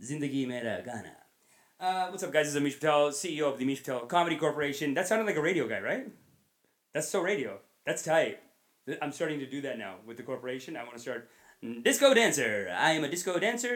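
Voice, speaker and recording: A man's voice: mid-range voice, a bit bright. A man hosting a comedy podcast, talking in a rambling, self-deprecating, jokey way. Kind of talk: casual podcast monologue.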